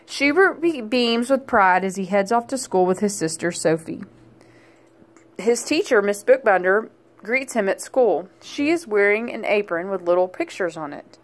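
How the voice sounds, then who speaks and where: A woman reads a children's picture book aloud in a gentle, clear storytelling voice. Her pitch sits in the middle range. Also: animated, normal speed. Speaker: storybook reader. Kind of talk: children's read-aloud narration.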